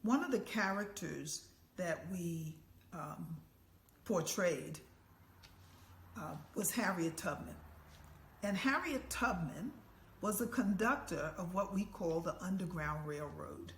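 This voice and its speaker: An older woman telling a story as an elder, lively and acting out the voices and chants of the people in it. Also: fairly low pitch, slow, slight background noise. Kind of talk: oral storytelling. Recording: echoey room with faint ambience.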